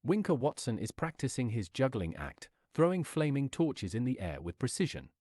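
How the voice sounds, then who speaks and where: Brief: male storyteller, mid-pitched, very animated swooping delivery, dry close sound. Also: normal speed, no echo. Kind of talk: reading an interactive adventure story.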